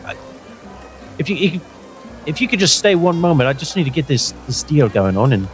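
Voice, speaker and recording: A man voicing a brash, coarse woman who swears and snaps, pitched well above his own voice. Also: very animated, fairly quick, soft background music. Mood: grateful. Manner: blunt, cursing, impatient.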